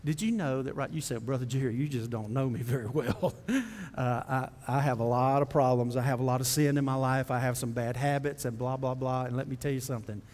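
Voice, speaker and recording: A man preaching a sermon as pastor, folksy and direct with the congregation, building to impassioned high preaching. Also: fairly quick, hardly any pauses, darkish tone, big-room sound. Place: church sanctuary.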